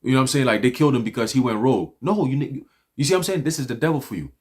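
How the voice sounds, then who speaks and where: Man, mid-pitched, loose profane preaching style, rambling and animated. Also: very fast, breathy edge. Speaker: livestream speaker. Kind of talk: loose religious street talk. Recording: livestream audio.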